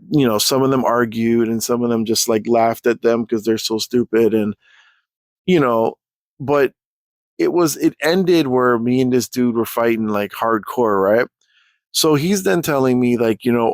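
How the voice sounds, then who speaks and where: A man's voice: mid-range voice, unhurried, no room sound. A man telling a rambling, profane storytime rant as a YouTuber.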